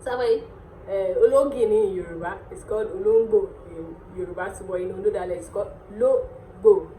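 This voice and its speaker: A Nigerian woman hosting a casual language lesson, repeating words slowly and laughing often. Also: mid-range voice, dark tone, slight background noise. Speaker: dialect teacher and channel host. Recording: echoey room with faint music.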